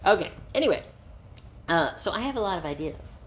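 A woman's voice: lowish voice, big pitch swings, brisk, slight background noise. A woman hosting a comedy podcast who rambles playfully, breaking into giggles and grand mock speeches. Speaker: podcast host.

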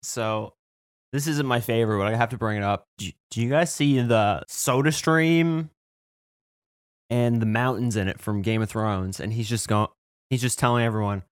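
A man's voice: mid-range voice, normal speed, clear, resonant tone, dry recording, studio quality. A man talking bluntly in a casual group chat, swearing offhandedly.

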